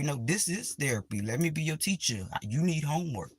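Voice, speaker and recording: A woman's voice: sits low, sing-song, brisk, breathy edge, no room sound. A woman vlogger in a profane, sarcastic ranting monologue, full of dramatic asides.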